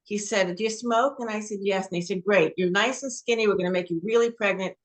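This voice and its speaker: A woman's voice: mid-range voice, quick pace. A woman from New Jersey, an actress guest telling anecdotes in a casual interview. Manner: warm anecdotal storytelling.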